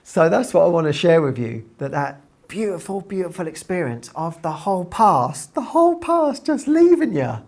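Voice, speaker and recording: Breathy woman sharing a spiritual story. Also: medium pitch. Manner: earnest, retells a story with excited bursts. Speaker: spiritual teacher.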